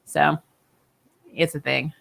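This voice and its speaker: A woman's voice: sits low, little pitch movement, slow, gravelly, fairly bright tone. A young adult woman hosting a casual live-stream chat about TV shows, talking loosely, laughing often and trailing off mid-sentence. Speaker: host of a TV review channel.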